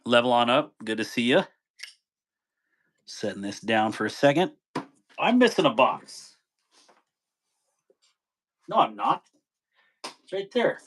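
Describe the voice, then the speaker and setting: A man's voice: mid-range voice, expressive, slow, pauses often, a bit bright, slight background noise. A man hosts a live stream. He chats casually and laughs easily, calling out viewers by name as they arrive.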